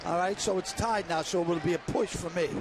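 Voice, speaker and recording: A man joking and rambling excitedly as a guest commentator during a baseball broadcast. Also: high voice, quick pace, noisy background.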